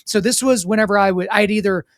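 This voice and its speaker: Guy hosting a podcast, high voice, talks fast and lively, acts out the people he quotes, dry close sound. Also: dry recording. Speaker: podcast host. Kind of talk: casual interview chat.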